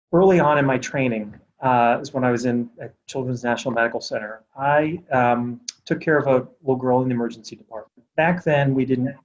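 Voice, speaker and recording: A middle-aged man, a pediatric doctor, answers an interview with an earnest, steady story. His voice sits at a middling pitch. The audio is a little dull and muffled, like a video call. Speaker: pediatric doctor, healthcare executive.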